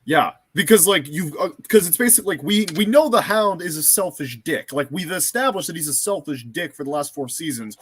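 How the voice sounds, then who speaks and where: Male co-host, opinionated, slightly high voice, dry close mic. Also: expressive, a little fast, hardly any pauses, slightly rough, dry recording. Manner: opinionated, casual. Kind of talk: casual review chat.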